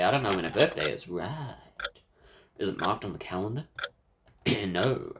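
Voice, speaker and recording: A man playing through a horror game, giving casual, wry commentary and clearing his throat now and then. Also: fairly low pitch, animated, normal speed, long pauses, a bit bright, slight background noise. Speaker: game player. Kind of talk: let's play commentary.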